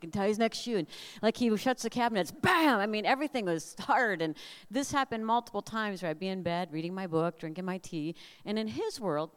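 An older woman from Minnesota giving a humorous storytelling talk at a family camp, lively and animated. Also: mid-range voice, clear, resonant tone. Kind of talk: storytelling sermon. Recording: long hall reverb.

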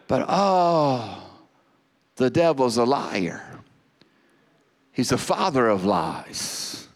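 A man preaching a sermon, repeating phrases and building to fervent shouts. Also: medium pitch, big pitch swings, drawn-out words, pauses often. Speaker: pastor. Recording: long hall reverb.

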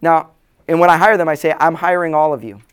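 A man's voice: fairly high pitch, steady tone, quick pace, clear, resonant tone. A man speaking as a pastor to a room of church leaders, earnest and plain-spoken, repeating key lines for emphasis. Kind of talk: conference talk to church leaders. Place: room with a live audience.

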